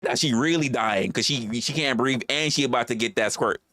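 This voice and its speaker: A man's voice: medium pitch, fairly quick, sharp tone, a little hiss or hum. A man hosting a livestream, talking casually in a rambling, profane way and repeating his phrases. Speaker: livestream host.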